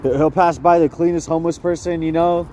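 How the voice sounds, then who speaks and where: A man's voice: a little high, steady tone, a little fast, background noise. A young man ranting outdoors in a rambling, profane way, often repeating himself and restarting his sentences. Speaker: vlogger. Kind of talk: rambling rant.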